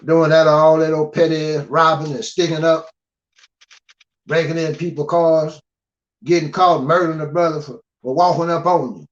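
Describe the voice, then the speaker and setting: An older American man, a guest speaker, delivers a blunt, scolding preaching monologue, repeatedly asking "you understand?". His voice is fairly high with a flat delivery at normal speed, on dull, lo-fi audio.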